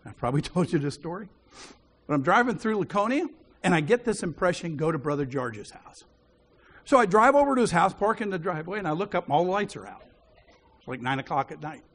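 A man's voice: high-pitched, very animated, fast talker, fairly bright tone. A man preaching a sermon, telling a personal story with frequent chuckles. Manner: chuckles often while telling stories.

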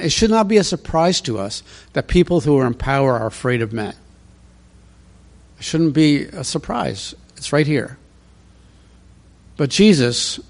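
A man's voice: mid-range voice, darkish tone. A man preaching a conversational verse-by-verse sermon, emphatic and fond of rhetorical questions. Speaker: pastor. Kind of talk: expository sermon.

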